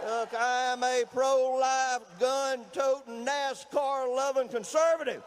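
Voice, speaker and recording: A middle-aged man with a Southern Mississippi drawl works a crowd in a folksy, rousing rally speech, his voice pitched strikingly high as he shouts. The recording rings with long reverb from a big hall, and a faint noise sits underneath. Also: steady tone, moderate pace, hardly any pauses. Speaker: state governor speaking at a political rally.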